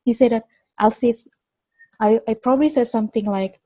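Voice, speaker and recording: A young woman with a Sabahan Malaysian English accent speaks in a casual interview, pausing and restarting as she searches for words. Her voice is warm and mellow, recorded close and dry. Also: on the high side, fairly even intonation, no room sound. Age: 20s. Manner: hesitant, many restarts and fillers. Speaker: interview guest, engineer.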